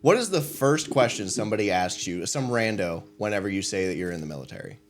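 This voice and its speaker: A man's voice: lowish voice, fast. A man hosting a podcast, telling stories in a casual chat and laughing often as he talks. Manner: laughing, animated storytelling. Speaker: podcast host.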